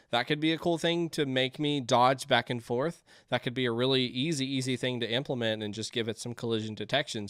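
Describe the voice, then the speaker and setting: A man playing indie games and thinking aloud, chatty and quick to get excited. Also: medium pitch, clean tone, no room sound, clean studio sound. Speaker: gaming YouTuber. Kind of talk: let's play commentary.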